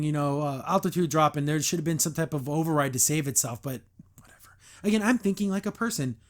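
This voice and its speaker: A man hosting a podcast, reviewing a cartoon episode in a sarcastic, exasperated way and acting out the characters' lines. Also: a little high.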